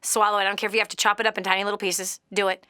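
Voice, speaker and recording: A woman hosting a call-in show as a financial coach, lecturing a caller with blunt, emphatic tough love that swings between loud emphasis and low, quiet urging. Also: level tone, very fast, smooth, dry recording, studio quality.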